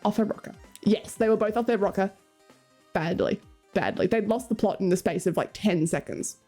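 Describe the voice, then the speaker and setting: A woman's voice: medium pitch, normal speed, dark tone, husky. A young Australian woman streaming, chatting casually with her viewers in a playful, rambling way. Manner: playful, rambling, laughs often, swears. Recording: faint music behind.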